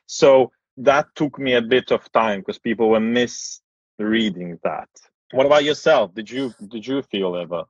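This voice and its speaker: Podcast host, man, frank and casual, a touch husky, dry dull sound. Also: medium pitch, unhurried, no room sound. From post-Soviet Eastern Europe. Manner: blunt, relaxed, swears casually. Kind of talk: casual conversation.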